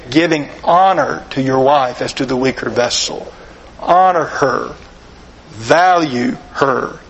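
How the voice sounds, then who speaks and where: Earnest, slow-preaching man. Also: a little high, low-quality recording. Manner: slow, deliberate, earnest, with rhetorical questions. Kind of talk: sermon.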